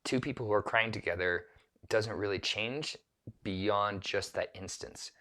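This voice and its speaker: A man's voice: fairly low pitch, measured pace, sharp tone. A man coaching keynote speakers in a solo talk to camera, rambling and correcting himself often. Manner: rambling, self-correcting, with many restarts and filler words.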